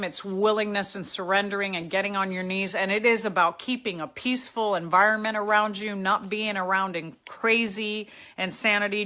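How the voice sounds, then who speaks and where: A woman's voice: medium pitch, sharp tone. A middle-aged woman hosting a live chat, answering viewers' comments in a heartfelt, emotional and encouraging way. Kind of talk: live casual talk, reading out comments.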